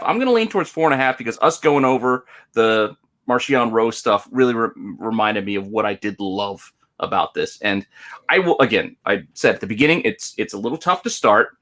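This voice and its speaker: A man in a relaxed book-review podcast chat. He weighs his words, doubles back on phrases and lands on an opinion. His pitch sits in the usual middle range for a man. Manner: thoughtful, hesitant restarts. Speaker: podcast co-host.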